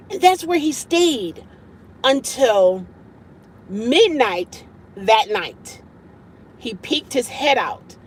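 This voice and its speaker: A woman hosting a casual live-stream chat from her parked car at night, with an animated, friendly way of talking. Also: fairly high pitch, slight background noise, poor audio. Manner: lively, greets viewers warmly with laughs. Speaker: livestream host chatting with viewers.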